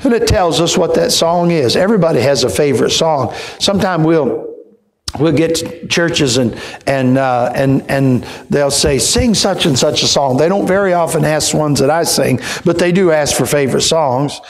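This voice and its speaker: Male evangelist, fairly high voice, folksy storyteller who builds up to shouts. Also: normal speed. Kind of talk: Baptist church sermon.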